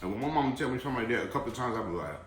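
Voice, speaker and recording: A man's voice: medium pitch, lively intonation, rapid-fire, fairly bright tone, roomy sound. Chatty man telling a story. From Atlanta area, USA. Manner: chatty, addresses viewers directly, digressive. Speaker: vlogger. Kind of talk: casual storytelling while eating.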